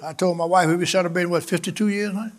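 A man in his seventies preaching a sermon in a church, shouting in rhythmic call-and-response and slipping into folksy, joking asides. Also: high voice, fairly even intonation, very fast.

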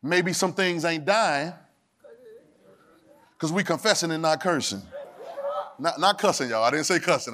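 A man preaching in a sermon, his voice pitched high for a man. He pulls the congregation in with call and response and drops into loose, casual church talk. His delivery swings from low asides to shouted, sung lines. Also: animated, measured pace, long pauses. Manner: Southern Black church vernacular, drops verbs. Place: church sanctuary.

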